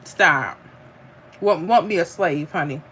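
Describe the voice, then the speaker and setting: A middle-aged woman hosts a home livestream, eating while she chats casually and reads out viewer comments, laughing and calling people "honey". Her voice is on the low side, slow and fairly bright, with slight background noise.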